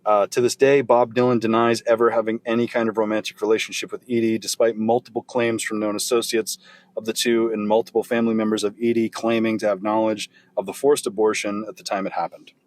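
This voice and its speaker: A man's voice: on the low side, flat delivery, fast talker, a little mellow. A man hosting a podcast, telling a story casually from his notes, swearing freely. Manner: profane, loose, recounting from notes. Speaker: podcast host.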